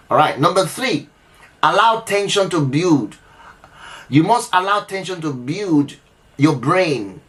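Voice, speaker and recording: Male advice host, slightly high pitch, emphatic and repetitive, unscripted. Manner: earnest, repetitive, emphatic, with frequent restarts and "all right?" check-ins. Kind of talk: unscripted advice talk to camera.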